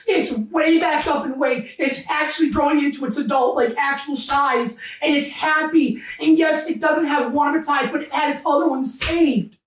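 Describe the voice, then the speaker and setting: A man as a podcast guest in an emotional, heated rant, cursing and often shouting, choked up close to tears. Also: very high voice, normal speed, few pauses, distant mic. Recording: roomy sound, set back from the mic.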